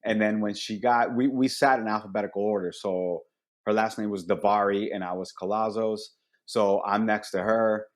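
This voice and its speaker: Animated male comedian from Colombia. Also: fairly low pitch, moderate pace. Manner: animated, acts out quoted voices. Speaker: comedian guest. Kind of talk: casual storytelling chat.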